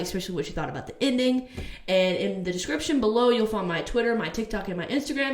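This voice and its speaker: A woman's voice: mid-range voice, roomy sound. A woman vlogger giving a casual TV review, ranting heatedly and swearing.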